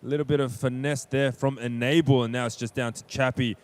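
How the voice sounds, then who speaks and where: A man co-casting an esports match, chatty and quick to laugh as he adds color commentary. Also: mid-range voice. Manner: lively, chatty, laughs easily. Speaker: esports co-caster.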